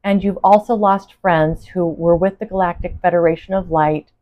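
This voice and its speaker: Woman doing an alien being, exuberant, formal, effusive, lowish voice, dull lo-fi sound. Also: steady tone, moderate pace, natural voice.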